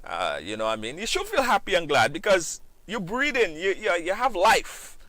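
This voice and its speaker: A man hosting a live-stream talk show, animated, repeating phrases and breaking into sing-song shout-outs to viewers. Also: high voice, normal speed, no room sound. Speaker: host.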